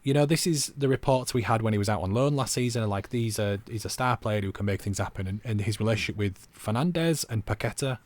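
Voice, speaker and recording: Low-voiced man in chatty football talk. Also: fairly even intonation, quick pace, hardly any pauses, no room sound. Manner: chatty, rambling, self-mocking. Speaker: podcast co-host. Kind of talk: casual football podcast chat.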